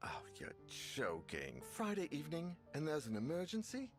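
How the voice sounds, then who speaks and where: A man's voice: on the low side, big pitch swings, normal speed. An actor playing a weary, sardonic ex-drunk errand man in a video game, with a grumbling, self-mocking manner. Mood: exasperated. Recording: loud game music behind.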